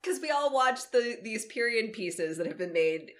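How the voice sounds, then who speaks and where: A woman co-hosting a podcast in casual chat, animated and swearing freely. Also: fairly high pitch, normal speed, crowd noise. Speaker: podcast co-host.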